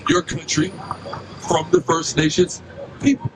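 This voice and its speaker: A man's voice: a little high, flat delivery, unhurried. A man preaching outdoors on a city street, questioning passersby and repeatedly asking "right?". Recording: street noise and traffic.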